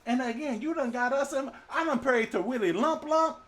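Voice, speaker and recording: A man's voice: very high voice, moderate pace, fairly bright tone. A male preacher voicing frightened sailors who scold a runaway passenger, exasperated and colloquial.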